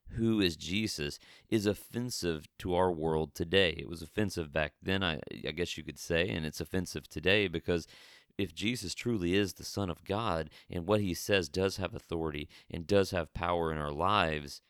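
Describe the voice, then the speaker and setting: A man's voice: low voice, normal speed, fairly bright tone, clear, resonant tone, no room sound, clean studio sound. A man preaching a conversational Bible teaching, often restarting and repeating words as he goes. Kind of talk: sermon-style Bible teaching.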